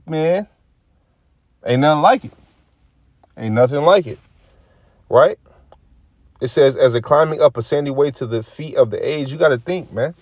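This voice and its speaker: Low-voiced man preaching casually, dry sound. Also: a little mellow, no room sound. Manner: preachy, profane, repeats phrases, acts out quoted remarks. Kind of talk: casual religious commentary reading scripture.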